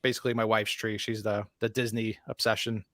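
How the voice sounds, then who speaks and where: A man chatting casually as a panel guest, relaxed and easygoing. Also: on the low side, brisk, no room sound, clean studio sound. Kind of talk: casual chat.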